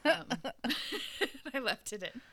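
A woman's voice: a little high, expressive, slow pace, fairly bright tone, a little hiss or hum. A woman hosting a podcast, recapping a story in casual chat and laughing and swearing freely. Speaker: podcast host recapping a romance novel.

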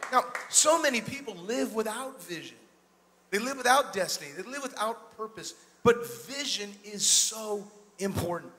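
A male pastor preaching an energetic sermon in a church, calling out to the congregation and retelling scripture in a casual, conversational way. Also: high voice, moderate pace. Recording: long hall reverb.

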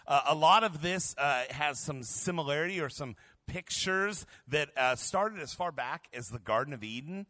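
A man's voice: fairly high pitch, animated, moderate pace, pushed and bright, dry recording. A male pastor co-teaching a Bible passage, earnest and conversational, applying it to everyday life. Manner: earnest, applying the text to listeners' lives.

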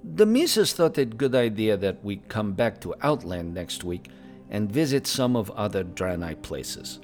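A man's voice: on the low side, big pitch swings, measured pace, darkish tone, faint music behind. A man voicing a married middle-aged male Draenei traveler who speaks broken English and drops his articles, in an in-character tavern review podcast. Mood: plain. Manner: plain, matter-of-fact, teasing.

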